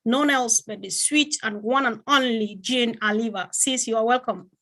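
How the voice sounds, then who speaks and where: A woman's voice: fairly high pitch, moderate pace, a bit bright. A woman hosting an online event, effusive and emotional as she introduces speakers. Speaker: event host.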